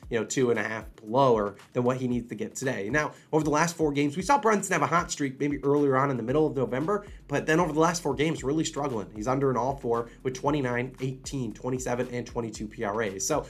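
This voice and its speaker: Fast-talking man giving sports picks. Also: mid-range voice. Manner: fast, animated, conversational with restarts. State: slightly unwell. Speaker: sports betting channel host. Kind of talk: casual sports betting picks video.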